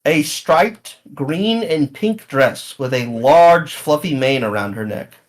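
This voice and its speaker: A man narrating and running a tabletop game as game master, in a relaxed, halting way. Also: fairly high pitch.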